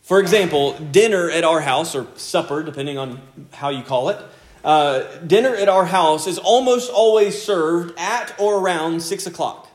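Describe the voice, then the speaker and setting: A man's voice: a little high, moderate pace. A male pastor preaching a sermon in an earnest, conversational way, often repeating key phrases. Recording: echoey room sound.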